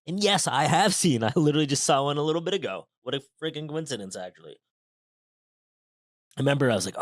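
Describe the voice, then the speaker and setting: A man hosting a show, chatting casually and reading passages aloud, animated and quick to interrupt himself. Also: a little high, no echo. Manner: animated, excitable, self-interrupting. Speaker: podcast host.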